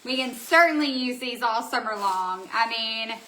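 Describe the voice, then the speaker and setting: Brief: excitable woman craft-shop host on a live stream, bright and a bit high. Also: normal speed, slight background noise, poor audio. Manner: bubbly, excitable, chatty with viewers. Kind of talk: live stream product showing.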